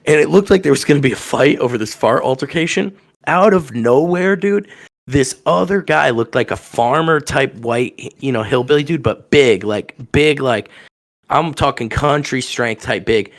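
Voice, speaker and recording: A young man from telling a rowdy story on a podcast, acting out the people in it with loud raised voices. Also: mid-range voice, normal speed. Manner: animated, acts out quotes with loud raised voices. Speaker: podcast guest telling stories. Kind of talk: casual storytelling.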